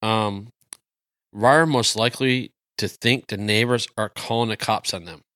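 A man with a bright, forward voice chatting casually as a podcast co-host. He is easygoing and talks things through aloud, recorded dry and close. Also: fairly low pitch, steady tone, measured pace, no echo.

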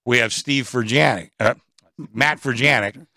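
A man's voice: medium pitch, normal speed, pushed and bright, no echo. A man from the area, chatting about sports in an easygoing, rambling way. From Pittsburgh area. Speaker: sports radio regular. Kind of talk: casual sports talk.

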